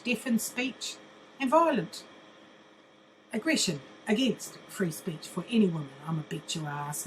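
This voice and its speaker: Older New woman, blunt sweary vlog rant, mocking tone, medium pitch, faint background hiss. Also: poor audio. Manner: blunt, mocking, swears constantly, laughs often. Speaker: vlogger. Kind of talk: profane ranting monologue.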